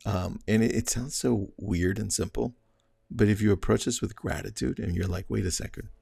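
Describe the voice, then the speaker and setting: A man with a deep, heavily gravelly voice talks through mindset advice for his podcast listeners. He keeps it conversational, acting out his own inner thoughts and checking in with "right?", with a chuckle slipping in now and then. The sound is close and dry, with no room around it. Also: normal speed, darkish tone, no echo. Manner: chuckles mid-sentence. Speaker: real estate podcast host. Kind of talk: casual mindset coaching monologue.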